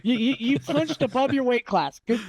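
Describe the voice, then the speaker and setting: Profane, animated man telling stories. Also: extremely high pitch, moderate pace. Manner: profane, animated storytelling with acted quotes. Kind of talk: casual podcast chat.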